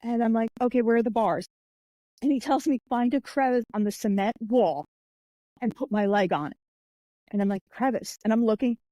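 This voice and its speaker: A woman being interviewed on a podcast, telling anecdotes in a lively, animated way and acting out the voices of the people in them. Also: fairly high pitch, a little fast, dry recording, rough recording. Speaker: guest, author and martial artist.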